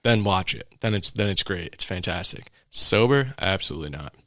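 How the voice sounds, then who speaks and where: Deep-voiced young man, blunt and dry. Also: expressive, brisk, fairly bright tone, dry recording. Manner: blunt, firm opinions. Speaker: podcast co-host. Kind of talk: casual chat.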